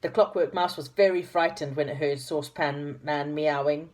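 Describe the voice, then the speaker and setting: A woman with a low, mellow voice reads a children's storybook aloud. She talks to her listeners with affection between chapters. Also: steady tone, moderate pace. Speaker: reader of children's stories.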